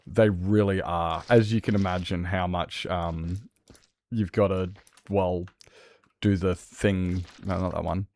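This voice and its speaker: A man's voice: low-pitched, fairly even intonation, slow pace, darkish tone, no echo. A man rambling casually on a game stream from his bedroom, restarting sentences and swearing freely. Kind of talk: casual stream chat while gaming.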